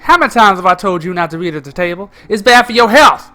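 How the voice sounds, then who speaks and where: Bossy mom figure, shrill and nagging, put on by a man, game music behind. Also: lively intonation, fast, pushed and bright. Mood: scolding. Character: stern mother, scolding, shrill and bossy.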